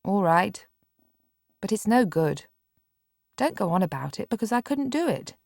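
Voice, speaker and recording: A woman's voice: mid-range voice, very animated, unhurried, vocal fry, a little mellow, no room sound, full character voice. Woman narrator plays bedridden boy, curt and exasperated, close, dry audiobook read. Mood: impatient. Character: bedridden boy, impatient and grudging. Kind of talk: audiobook character reading.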